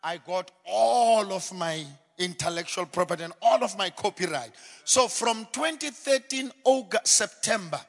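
A man giving a preaching testimony in a church hall, telling his story dramatically and swinging from quiet asides to shouted peaks. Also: high voice, lively intonation, moderate pace. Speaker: guest speaker giving a testimony. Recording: long hall reverb.

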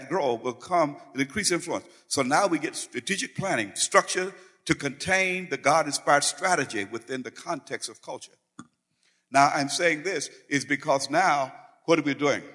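A husky-voiced man preaching in a church, his voice carrying a long hall reverb. He talks to the congregation in a conversational way and keeps checking that they follow him. His voice sits a little high for a man. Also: fairly bright tone. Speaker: pastor. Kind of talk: sermon.

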